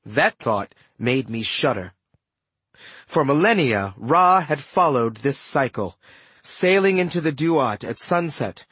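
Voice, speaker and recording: A man giving expressive first-person audiobook narration in a close studio recording. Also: a little high, husky, no room sound. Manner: animated, expressive storytelling.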